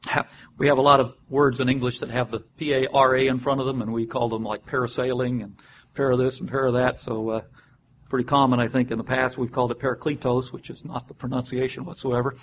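A man's voice: mid-range voice, little pitch movement, slight background noise. Man teaching a Bible study, easygoing. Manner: unhurried, explains step by step, spells out words, with frequent "uh" and restarts.

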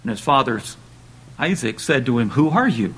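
A man's voice: lively intonation, moderate pace, fairly bright tone, husky, poor audio. A man preaching a sermon, speaking conversationally with restarts and lifting his voice when he reads scripture aloud. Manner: raises pitch and volume when reading dramatic quotes.

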